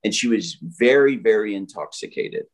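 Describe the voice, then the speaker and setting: A male pastor speaks as a guest, retelling an event with animated energy and plenty of fillers and restarts. His voice sits fairly low. He acts out what people said as he goes. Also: normal speed. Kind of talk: storytelling testimony in an interview.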